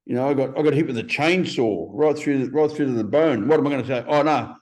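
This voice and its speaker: A man in his fifties, a podcast guest telling stories in a blunt, profane, animated way. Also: mid-range voice, quick pace. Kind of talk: casual interview storytelling.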